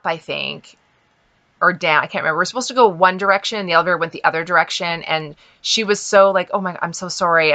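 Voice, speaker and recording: A woman's voice: on the low side, pushed and bright. A middle-aged woman from Canada, chatting casually as a vlogger and telling a story with lots of fillers and quoted asides.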